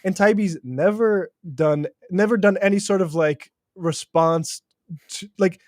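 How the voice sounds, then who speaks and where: A man's voice: high voice, unhurried, dry recording, clean studio sound. A man co-hosting a political podcast, talking bluntly and emphatically, swearing and laughing mid-sentence. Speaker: podcast co-host. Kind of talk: casual political chat.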